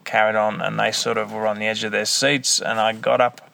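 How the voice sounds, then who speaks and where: A man's voice: fairly low pitch, little pitch movement, brisk, vocal fry, sharp tone. A man telling a personal story in a casual, blunt, profane and rambling way.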